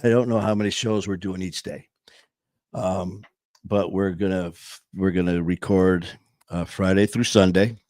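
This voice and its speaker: A man's voice: low voice, steady tone, unhurried, darkish tone, no room sound, studio quality. A man hosting a podcast, talking casually in a rambling way with many fillers and restarts. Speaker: podcast host. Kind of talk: casual monologue.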